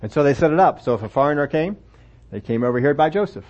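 A preacher with a fairly high voice delivers a sermon, reading scripture aloud and talking it through with his listeners. He speaks conversationally and keeps asking rhetorical questions. The recording sounds dull and lo-fi. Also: lively intonation, fast talker, a little mellow.

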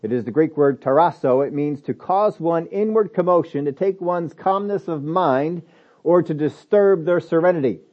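A man's voice: on the high side, moderate pace, muffled recording. A man preaching a sermon, emphatic and repetitive, asking rhetorical questions of his listeners.

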